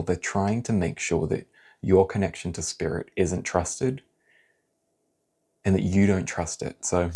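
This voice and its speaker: A man doing a pick-a-card tarot reading, talking in a blunt, animated, casual way and swearing now and then. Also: low voice, creaky, breathy edge.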